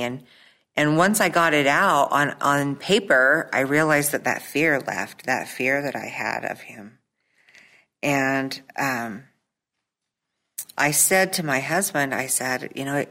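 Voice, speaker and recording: A woman's voice: rumbling low, creaky, fairly bright tone. A middle-aged woman telling her own story at a recovery meeting, hesitant, with many fillers and restarts. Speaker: recovery meeting member sharing. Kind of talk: personal testimony at a support meeting.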